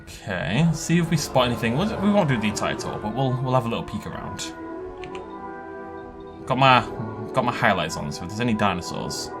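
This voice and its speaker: Man, excitable gameplay commentary, animated swooping pitch, faint music behind. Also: brisk. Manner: excitable, chatty, laughs often. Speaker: game park tour host.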